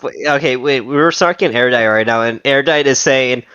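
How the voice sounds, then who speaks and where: A man co-hosts a casual stream with a smooth, resonant voice at an ordinary pitch. He talks loosely and laughs often, and his mic sounds dry and a bit lo-fi. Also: a little fast, bright, forceful tone, no room sound. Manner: loose, filler-heavy, laughing. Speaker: stream co-host. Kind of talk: casual chat.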